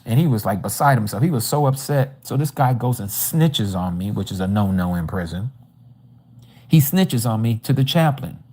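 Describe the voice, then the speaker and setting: A man's voice: mid-range voice, expressive, moderate pace, dark tone. A man giving a personal testimony at a religious study, telling his story animatedly and acting out the dialogue. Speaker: Bible study teacher. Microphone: livestream microphone.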